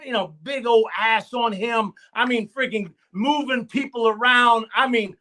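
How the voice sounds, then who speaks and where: A football coach tells stories in a live stream interview, his very high voice bright, forceful, and a little slow. His phrasing is emphatic and repetitive, with rallying asides like "okay?" and "I'm gonna tell you what."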